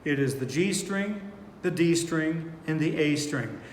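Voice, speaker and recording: A man teaching four-string banjo in a relaxed, unhurried way, thinking aloud with fillers as he plays. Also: fairly high pitch, slight background noise. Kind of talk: relaxed online music lesson. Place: indoor room, playing banjo while talking. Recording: echoey room with long reverb, banjo playing behind.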